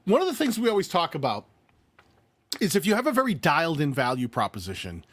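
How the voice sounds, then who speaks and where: A man co-hosting a live-stream channel review game show, playful and lively, thinking aloud as he reads. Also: on the high side, fast, no room sound. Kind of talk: casual live-stream banter and channel critique.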